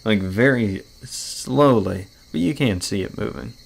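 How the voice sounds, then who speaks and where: Low gravelly guy commenting bluntly. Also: measured pace, slight background noise. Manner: blunt, swears freely. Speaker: let's play host. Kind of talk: casual commentary on a visual novel.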